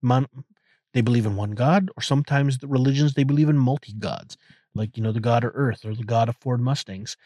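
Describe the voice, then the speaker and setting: Podcast host, young man, mid-pitched, talks from his car, loose and joking, lots of restarts. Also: fairly quick, mellow, no echo. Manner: rambling, irreverent, joking, many restarts. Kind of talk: casual solo podcast monologue. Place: inside a car.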